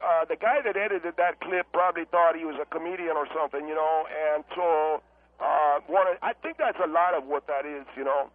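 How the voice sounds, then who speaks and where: A man's voice: a little high, brisk, no room sound. A man calling in to a talk radio show, speaking bluntly and rambling with fillers. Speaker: caller. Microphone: telephone. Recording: tinny phone line.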